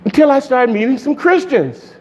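A male pastor preaching a sermon in an animated way, laughing often and shouting for emphasis. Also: very high-pitched, moderate pace, slight background noise.

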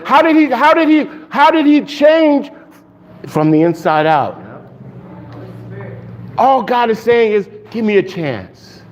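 A male pastor preaching a sermon in an animated way, laughing often and shouting for emphasis. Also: extremely high pitch, takes it slowly, long pauses.

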